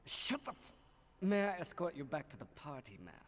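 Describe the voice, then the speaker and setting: A curt guard. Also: male voice, on the high side, very animated, fairly quick.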